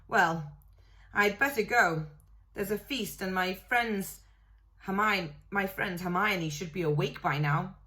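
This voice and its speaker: A woman reading a storybook aloud, voicing a calm, friendly schoolboy wizard in an easy, matter-of-fact way. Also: medium pitch, slow. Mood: mild.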